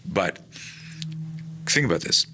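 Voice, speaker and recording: A man talking casually in an interview about his work teaching personal defense, animated, acting out the people in his stories with many restarts. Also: slow pace, a little hiss or hum. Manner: animated, acts out quoted dialogue, frequent restarts. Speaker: guest, personal defense instructor.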